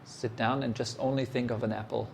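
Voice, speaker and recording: Gravelly-voiced guy teaching meditation, slow, asks you stuff straight out, faint noise behind. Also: medium pitch, level tone. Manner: questions the listener directly and challenges them; short, unhurried phrases with pauses. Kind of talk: meditation talk.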